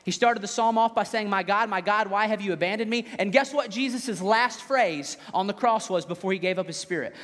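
High-voiced preacher in a hall. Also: male voice, brisk, hardly any pauses. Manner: conversational, animated preaching with dramatic scripture readings. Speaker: pastor. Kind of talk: sermon. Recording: echoey hall.

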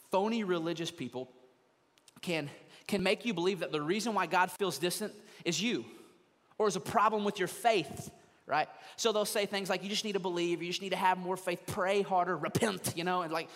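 A man's voice: high-pitched, fairly bright tone, in a large hall. A man preaching a conversational sermon from a church stage, slipping into quoted voices of churchgoers. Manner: conversational, mimics people in quoted asides. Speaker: pastor. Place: church sanctuary, also streamed online.

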